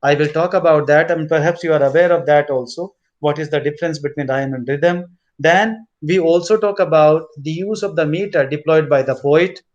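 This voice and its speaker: High-voiced male teacher dictating a lecture. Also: muffled recording. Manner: repeats key points slowly, dictating; mixes in Hindi instructions. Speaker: literature teacher. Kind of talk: classroom lecture.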